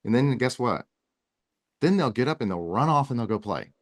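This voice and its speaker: A man's voice: mid-range voice, expressive, normal speed. A man speaking as a guest in a casual podcast interview, earnest and rambling, with frequent restarts. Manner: earnest, talks in long runs with many restarts. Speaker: wellness guest.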